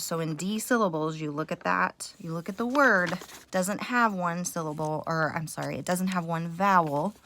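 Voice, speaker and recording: A woman teacher talks parents through a reading lesson recorded at home, patient and step by step, with many small fillers. Her voice is bright and set a bit low. A faint background hiss runs under the recording.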